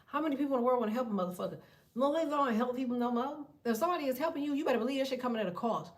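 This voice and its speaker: A woman with a slightly high voice gives a casual tarot reading. She talks bluntly, swears constantly and lectures her listener like a friend who has no patience left. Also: lively intonation, very fast. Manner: blunt and profane, preachy. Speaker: tarot reader.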